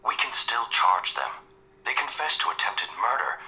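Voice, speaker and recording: A man voicing a stern, worn-out male police commissioner who presses his point forcefully in an audio drama. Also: medium pitch, lively intonation, normal speed, voice pushed up, poor audio. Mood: insistent. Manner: insistent, forceful.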